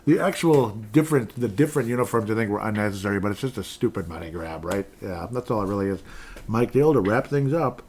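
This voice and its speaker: A man's voice: lowish voice, fast talker, a little mellow, slightly rough. A man hosting a sports podcast, chatting loosely and reading out listener comments. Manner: rambling, chatty, with restarts and laughs. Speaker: podcast host.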